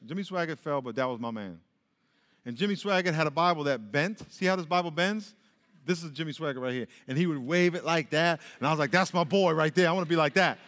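A middle-aged male pastor with a high, bright-edged voice preaches from the pulpit in a spacious church. His delivery is animated and story-driven, full of restarts and quoted voices, and a long hall reverb trails every phrase. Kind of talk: sermon.

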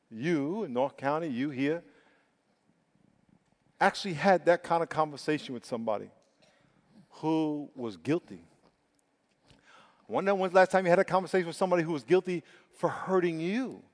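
A male pastor preaching a sermon with emphatic, drawn-out stresses and repeated words. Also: fairly high pitch, a little mellow. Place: church sanctuary. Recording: long reverb of a large hall.

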